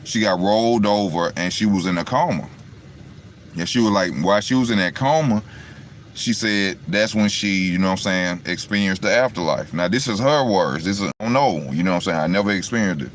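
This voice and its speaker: This vlogger's fairly low male voice moves a little fast against slight background noise. Recording on a phone that's plugged in to charge, he casually recounts a story to viewers in a rambling style, tossing in "you know what I'm saying" again and again.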